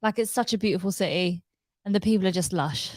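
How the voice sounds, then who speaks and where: A woman's voice: medium pitch, fast talker, darkish tone, dry recording, poor audio. A woman, chatting casually and rambling with her viewers on a live stream. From Wales. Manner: chatty, rambling, lots of fillers and likes. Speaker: livestream host.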